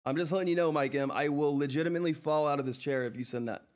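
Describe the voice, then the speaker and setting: Excitable, effusive male stream host. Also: on the high side, racing. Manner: effusive, thanks viewers over and over, laughs often; excitable, flustered exclamations. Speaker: livestream host reading viewer chat. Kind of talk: live stock-trading stream commentary. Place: seated in a chair at home.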